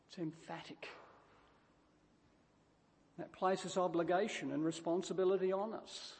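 A man with a notably high-pitched voice delivers a sermon, pressing each point with emphatic repetition and frequent stumbling restarts. His voice rings out with a long reverb tail, as if in a large hall. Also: fairly even intonation, measured pace, pauses often, darkish tone. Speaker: preacher.

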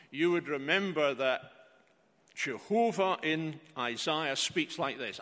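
A man's voice: medium pitch, a little slow, sharp tone. An older man preaching a sermon, earnest, with rhetorical questions and frequent hesitant fillers. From outside Australia. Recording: reverberant hall.

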